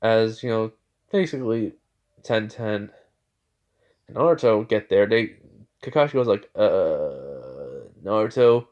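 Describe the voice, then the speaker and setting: A man's voice: on the low side, measured pace, long pauses, dull audio. A man casually improvising a fan story, rambling with many fillers and restarts.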